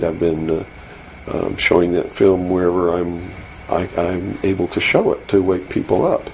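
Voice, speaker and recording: This is an old 1992 interview tape with faint hiss and low quality overall. The male guest has a low, gravelly, slightly mellow voice, and he talks earnestly and insistently, using many fillers and starting over often.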